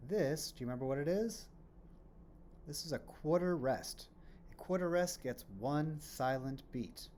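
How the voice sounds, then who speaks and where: A man's voice: medium pitch, darkish tone, slight background noise. A man teaching a children's music lesson on rhythms, explaining patiently, asking questions and then answering them, and chanting rhythm syllables as he claps.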